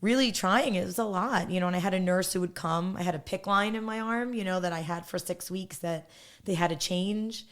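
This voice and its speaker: A woman's voice: on the low side, a little fast, a bit bright. A woman in her thirties, a podcast guest, telling her story bluntly and candidly, laughing often.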